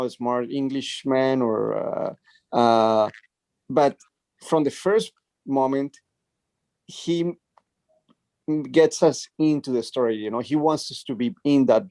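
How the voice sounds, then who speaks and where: A man talks eagerly about a book in a relaxed discussion, with lots of "you know" fillers. His voice is mellow and dark. The recording is dry and close, with no room sound. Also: medium pitch, slow pace, long pauses, no room sound.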